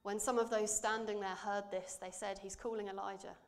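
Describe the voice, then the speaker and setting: A woman preaching in church, reading scripture and speaking in a measured, earnest way that drops softly for emphasis. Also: mid-range voice, flat delivery.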